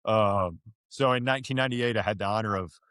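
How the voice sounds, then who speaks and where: Deep-voiced man telling his story. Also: a bit bright, clear, resonant tone, no room sound. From Florida, USA. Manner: halting, many restarts and fillers, choked up. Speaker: podcast guest. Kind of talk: emotional storytelling.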